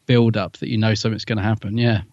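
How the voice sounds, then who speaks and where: A man's voice: on the low side, little pitch movement, quick pace, darkish tone, dry recording. A man co-hosting a podcast, chatting casually about an episode in a thoughtful, musing way that often trails off. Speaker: podcast co-host. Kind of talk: casual chat reviewing an episode. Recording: dull lo-fi dry recording.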